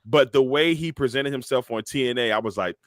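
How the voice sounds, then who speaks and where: A man's voice: medium pitch, fairly quick, no room sound, studio quality. A man co-hosting a podcast, chatting casually and animatedly, acting out quotes as he retells events. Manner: animated storyteller, acts out quotes and entrance music. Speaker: podcast co-host. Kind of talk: casual wrestling chat.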